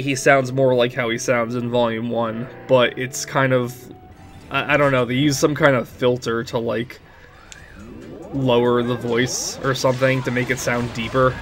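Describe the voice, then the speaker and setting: A man's voice: mid-range voice, fairly bright tone. Young male let's-player, mid-range voice, rambling casual delivery, prone to giggles. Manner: rambling, frequent "like", giggly laughing fits. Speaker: let's play commentator. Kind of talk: casual gameplay commentary.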